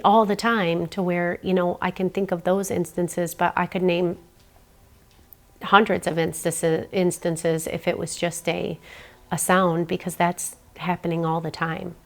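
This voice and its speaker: Woman, creaky and low, nervous and rambling, swears a lot. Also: flat delivery, measured pace. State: frightened. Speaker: homeowner reporting a haunting. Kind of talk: casual interview.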